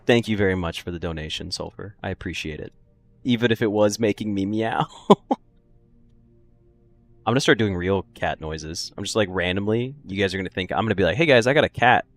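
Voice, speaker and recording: A man with a low voice streams a puzzle game, talking briskly and casually. He jokes with his viewers, chats freely, and laughs often in this relaxed gaming commentary.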